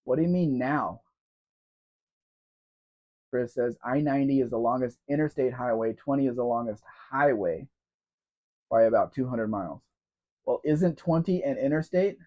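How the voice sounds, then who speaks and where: A man's voice: mid-range voice, moderate pace, pauses often. Chatty man hosting a live Q&A. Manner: chatty and rambling, addressing viewers by name. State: sore throat. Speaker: live Q&A host. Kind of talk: casual live-stream chat, reading viewer comments. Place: at home in a room. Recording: dull lo-fi stream audio.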